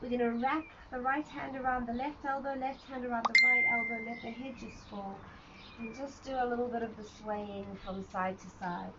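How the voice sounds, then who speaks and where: A woman's voice: a little high, fairly even intonation, moderate pace. A woman teaching a live online pilates class, giving friendly, encouraging movement cues with chatty asides. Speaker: pilates instructor. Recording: slightly dull sound with faint ambient noise.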